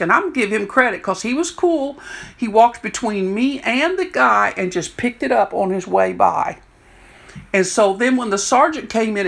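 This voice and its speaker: Gravelly older woman chaplain telling stories. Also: mid-range voice. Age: 60s. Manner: animated storyteller, acts out quotes. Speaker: prison chaplain. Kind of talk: storytelling talk.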